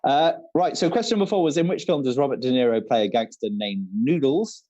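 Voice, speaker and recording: A man's voice: medium pitch, lively intonation, fairly quick, mellow, dull audio. A man co-hosting an online quiz, reading each question twice and chatting between them. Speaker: quiz co-host.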